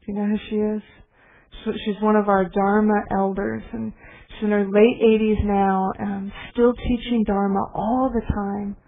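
Brief: middle-aged woman teacher, gentle reflective dharma talk, tinny phone-like sound. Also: mid-range voice, flat delivery, normal speed. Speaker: meditation teacher.

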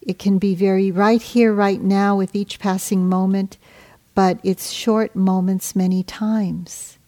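A woman meditation teacher giving a dharma talk, soft and gentle, unhurried and reflective. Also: medium pitch, level tone.

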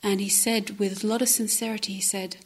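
A woman meditation teacher giving a gentle, reflective dharma talk at a retreat, often dropping to a soft near-whisper. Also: medium pitch, flat delivery, fairly quick, slight background noise. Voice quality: breathy, often drops to a whisper. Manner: gentle, reflective, with hesitant restarts. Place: retreat center meditation hall.

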